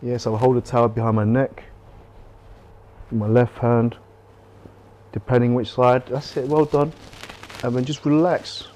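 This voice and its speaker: A man leading a qigong class, calmly coaching breathing and movement with gentle repetition, on a close mic while he moves. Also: medium pitch, unhurried, pauses often. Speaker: qigong instructor. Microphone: close clip-on mic while moving.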